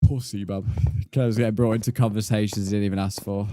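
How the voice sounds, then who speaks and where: A man's voice: fairly low pitch, fairly even intonation, fast talker, warm tone, slight background noise. A young man streaming a game, bantering and joking with his chat and laughing often. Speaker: gaming streamer. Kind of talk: live-stream chat while playing.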